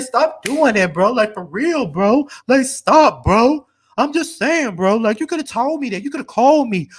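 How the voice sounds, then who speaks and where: A man's voice: very high-pitched, a bit bright, voice pushed up. A man putting on the voice of an angry young woman who scolds her boyfriend in a mocking livestream impression, ranting and repeating "bro" at every turn. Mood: exasperated.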